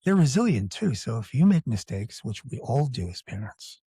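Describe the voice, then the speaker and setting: Very husky man, dark and dry. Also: medium pitch, very animated, moderate pace, no room sound. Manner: chatty, jokey, folksy parenting advice. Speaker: functional medicine practitioner guest. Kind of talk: casual conversation.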